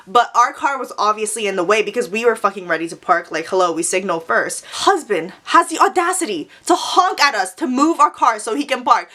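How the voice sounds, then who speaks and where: A woman telling a storytime vlog in a sassy, profane, animated manner. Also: fairly high pitch. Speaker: vlogger.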